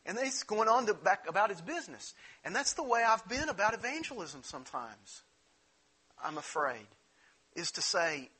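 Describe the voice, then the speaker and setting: A man delivering a sermon in an earnest, conversational manner, often circling back to restart a phrase. His voice sits a bit high, with a bright edge and a husky grain. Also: big pitch swings, normal speed. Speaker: pastor.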